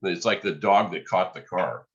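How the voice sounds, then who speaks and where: A man, a podcast guest, telling a lively story and acting out the dialogue. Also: deep voice, moderate pace, gravelly, lo-fi sound, slight background noise. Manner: animated storyteller, acts out quoted dialogue. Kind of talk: storytelling in conversation.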